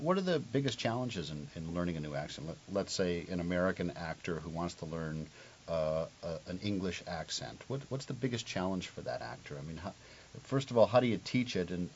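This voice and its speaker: A man with a very deep voice interviews his guest, asking curious, probing questions. His audio is dull and lo-fi. A faint hiss sits underneath.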